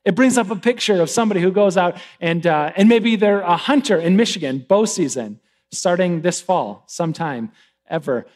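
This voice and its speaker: A pastor giving a casual, conversational sermon, animated and swinging between loud emphasis and hushed asides. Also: male voice, sits high, moderate pace.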